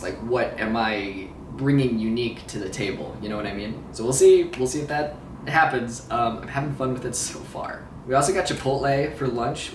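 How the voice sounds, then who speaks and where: A medium-pitched man records a casual vlog while recovering from surgery, rambling, swearing, and laughing often as he jokes at his own expense. He sits away from the mic in a roomy space, with faint ambience and a little hiss or hum.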